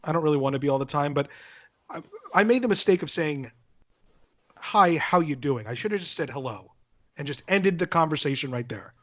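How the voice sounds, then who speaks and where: An animated man in a casual chat, with a voice a little higher than most men's. He swears often and acts out the other people in his stories. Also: fast talker. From northern United States. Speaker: podcast guest.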